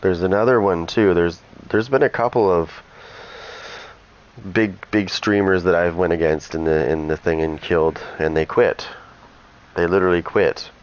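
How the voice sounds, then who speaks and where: A man's voice: low voice, steady tone, moderate pace, rough recording. A man who runs a gaming channel, chatting casually and rambling through asides while he plays. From Canada. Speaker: gaming streamer. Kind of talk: casual chat over gameplay.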